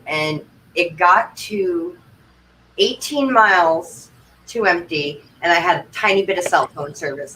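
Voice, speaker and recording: A woman's voice: fairly low pitch, sharp tone. Chatty woman from Vermont, distant mic. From Vermont, United States. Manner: chatty, rambling, breathless anecdotes with quoted asides. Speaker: guest. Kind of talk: casual chat, animated storytelling. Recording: distant mic, faint background noise.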